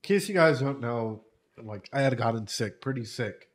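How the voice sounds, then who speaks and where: This anime reaction host speaks in an animated mid-range voice at normal speed. Reacting to a show casually, he laughs frequently, swears freely, and turns emotional while sharing a heartfelt story.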